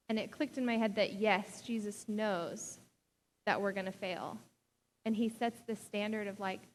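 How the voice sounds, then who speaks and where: A woman's voice: medium pitch, fairly even intonation, moderate pace, long reverb tail, slight background noise. A young adult woman pastor giving a sermon in a casual, chatty way, full of "like" and small laughs. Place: church sanctuary.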